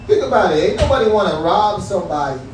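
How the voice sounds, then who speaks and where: Profane comedian echoing in a small club. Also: male voice, sits high, lively intonation, fast, distant mic, a little hiss or hum. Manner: profane, loose, talks straight to the crowd. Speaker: stand-up comedian. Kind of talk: stand-up comedy set. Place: small comedy room at a cannabis lounge. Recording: very echoey room picked up from afar.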